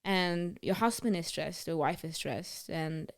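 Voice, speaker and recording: A woman's voice: lowish voice, unhurried. A woman co-hosting a casual podcast who speaks frankly and gives advice. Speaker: podcast co-host.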